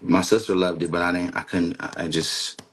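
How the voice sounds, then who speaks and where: A man's voice: deep voice, little pitch movement, moderate pace, slightly rough. A man chatting as a guest on a live stream, rambling and joking, talking in circles. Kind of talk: casual live stream chat.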